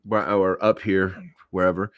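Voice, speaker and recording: A man from Oklahoma with a lowish voice, telling stories to his audience in a loose and cheerfully profane way. His voice jumps high whenever he acts out what people said, and the sound is dry and close. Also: moderate pace, clean tone, no room sound. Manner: animated, profane, acts out quoted voices with big pitch jumps. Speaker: podcast host. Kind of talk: casual storytelling to a live audience.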